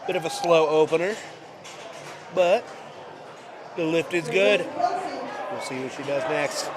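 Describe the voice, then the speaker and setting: A man with a congested voice commenting live on a powerlifting meet, with relaxed, self-correcting play-by-play and dry asides. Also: a little high, unhurried, a loud crowd. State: congested from a cold.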